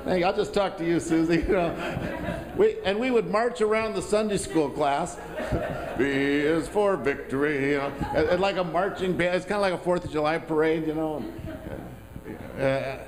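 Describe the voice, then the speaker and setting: A man's voice: on the high side, normal speed, a crowd in the background, low-quality recording. A man preaching a sermon as pastor, talking in a conversational, self-deprecating way with asides to the congregation.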